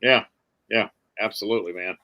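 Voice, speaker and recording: A man's voice: fairly low pitch, brisk, pushed and bright, highs cut off. A man chatting on a podcast, rambling with many restarts and folksy sayings. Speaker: podcast co-host. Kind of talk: casual podcast chat.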